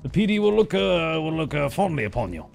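A man's voice: on the high side, very animated, a little fast, vocal fry, faint music behind. A man playing a police character in a game role-play, talking in a theatrical, mock-polite, comic way over voice chat.

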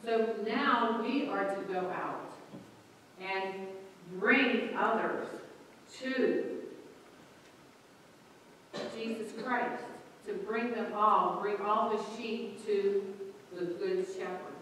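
A woman pastor preaching a sermon, telling stories and lively quoting the people in them. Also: medium pitch, extremely slow, long pauses, slight background noise. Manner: storytelling with lively quoted voices. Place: church sanctuary. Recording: echoey church from far off.

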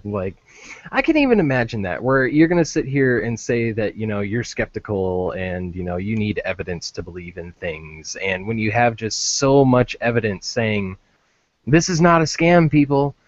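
A man's voice: lowish voice, expressive, normal speed, no echo, muffled recording. A man hosting a podcast in casual chat, laid-back, swearing freely and leaning on fillers. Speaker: podcast host.

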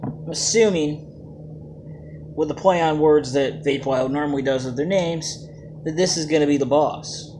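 A man's voice: a little high, moderate pace, noisy background. A man casually reviewing vape juices, joking and plain-spoken in a laid-back way.

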